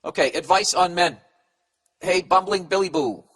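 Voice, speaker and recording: A man with a high-pitched, gravelly, somewhat bright voice hosts a comedy podcast at a moderate pace. Reading listener letters aloud, he stumbles over them, then answers in a blunt, profane, rambling advice rant.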